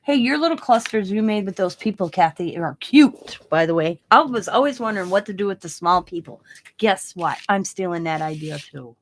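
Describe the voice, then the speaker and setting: A woman's voice: mid-range voice, lively intonation, normal speed. A middle-aged woman chatting casually at her craft desk at home, telling a rambling story and acting out the voices of the people in it. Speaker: craft vlogger. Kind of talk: casual chat while crafting.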